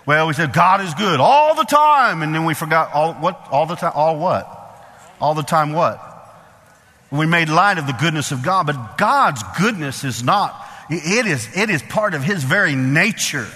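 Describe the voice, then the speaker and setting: A man's voice: fairly high pitch, normal speed, bright, forceful tone. A man preaching a sermon as pastor, emphatic and repetitive, with call-and-response asides to the congregation. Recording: long hall reverb.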